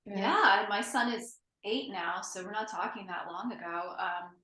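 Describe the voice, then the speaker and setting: Woman host, bright edge, roomy echo, chatty and laughing between words. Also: mid-range voice, a little slow. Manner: chatty storyteller, laughs through her words. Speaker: podcast host and author. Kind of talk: conversational interview.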